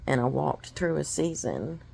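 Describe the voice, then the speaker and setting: A woman's voice: deep voice, animated, measured pace, vocal fry, darkish tone, a little hiss or hum. A woman giving a personal testimony, telling her story in an earnest, emotional way.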